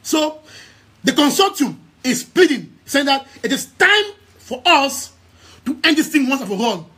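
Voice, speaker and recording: A man's voice: very high voice, sing-song, measured pace, pushed and bright. A young man with a Cameroonian English accent addresses his followers on a live stream, emphatic and repetitive, restarting his words often as an activist. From Southern Cameroons. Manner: emphatic, repeating key phrases, many stammered restarts. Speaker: activist and news outlet head.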